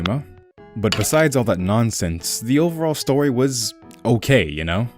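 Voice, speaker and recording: A man's voice: medium pitch, darkish tone. A young man hosting a comedic game retrospective, with a sarcastic, irreverent and profane manner. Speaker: video essay host.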